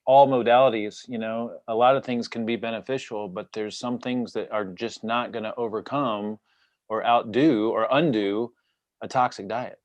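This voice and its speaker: A man's voice: medium pitch, fairly even intonation, moderate pace, no echo, muffled recording. A man in his forties hosting an interview, earnest and affirming as he reflects on his guest's story. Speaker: host. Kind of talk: casual interview conversation.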